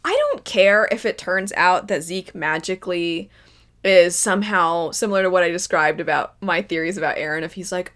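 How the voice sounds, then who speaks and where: A woman's voice: on the low side, lively intonation, normal speed, fairly bright tone. A woman giving casual reaction commentary as a first-time viewer, laughing often and mimicking characters in mock voices.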